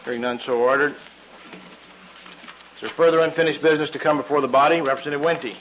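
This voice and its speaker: A man's voice: fairly high pitch, steady tone, fairly bright tone, highs cut off, a little hiss or hum. Hesitant man chairing a legislature. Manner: measured and procedural, with frequent hesitations. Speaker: presiding speaker of a state house. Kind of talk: parliamentary chairing. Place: legislative chamber.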